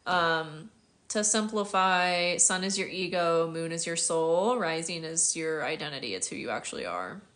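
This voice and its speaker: This thirties astrologer from the United States takes viewer questions on a livestream in a casual, chatty way, laughing frequently. Her pitch is fairly low, her delivery animated at a moderate pace, with a slightly bright tone.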